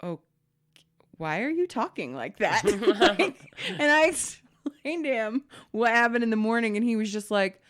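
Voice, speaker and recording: Speaking a little slowly in a voice on the high side, a woman co-hosts a podcast and chats casually. She animates her story by acting out its dialogue in other voices.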